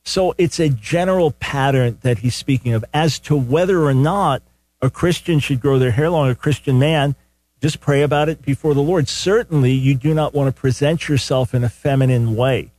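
Older man, call-in radio host, mid-pitched, earnest, restarts his sentences, dry booth mic. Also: normal speed, darkish tone, dry recording. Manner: earnest, conversational, repeats words when starting sentences. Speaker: radio talk show host. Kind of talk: call-in radio Bible teaching. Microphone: studio microphone.

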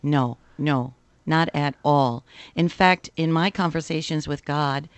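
A woman's voice: sits low, slow pace, clean tone, no room sound. A woman in her sixties, a missionary guest on a radio interview, who projects her voice and answers plainly.

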